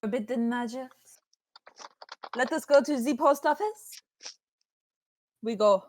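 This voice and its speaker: A woman playing a solemn woman warrior who speaks gravely about forbidden magic, in a slow, portentous way. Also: a little high, slight background noise. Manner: grave, portentous, drawn-out delivery.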